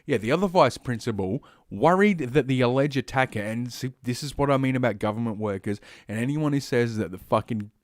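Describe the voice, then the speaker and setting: A man's voice: medium pitch, expressive, a little fast, hardly any pauses, no echo, clean studio sound. A man ranting on a stream in a profane, rambling way, with heavy swearing. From Australia.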